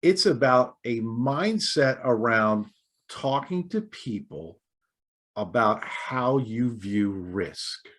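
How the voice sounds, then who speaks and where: A middle-aged man from the United States, a guest on a podcast, tells a story with a slightly husky, breathy voice. His pitch bounces around a lot as he tells it. He throws in chuckles and quick asides along the way. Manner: animated anecdote-telling with laughs and asides.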